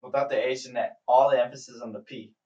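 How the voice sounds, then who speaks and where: A man's voice: medium pitch, fairly even intonation, fast talker, dark tone. A man co-hosting a casual drinking podcast, talking in a profane, playful and insistent way. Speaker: podcast co-host. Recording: distant mic, dull lo-fi sound.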